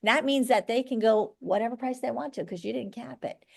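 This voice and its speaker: A middle-aged woman broker teaching a class of agents, blunt and brisk, often checking that everyone follows. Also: a little high, gravelly, darkish tone. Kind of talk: live training class.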